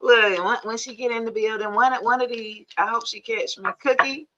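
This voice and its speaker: A chatty woman from Georgia, USA, hosts a tarot livestream, her fairly high voice pushed and bright with fairly even intonation at a moderate pace. The sound is lo-fi, and she laughs often while greeting viewers by name in casual chat.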